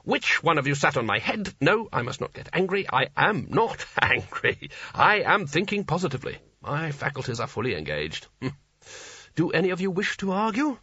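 A man voicing Sconner, a pompous, short-tempered male wizard who snarls and forces an icy calm over his rage. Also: on the high side, normal speed, breathy edge, highs cut off, pitched above the performer's own voice, full character voice. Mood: seething calm.

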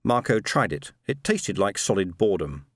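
A man narrating a science fiction story in a steady, measured reading. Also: on the low side, no echo, studio quality. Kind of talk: audiobook narration.

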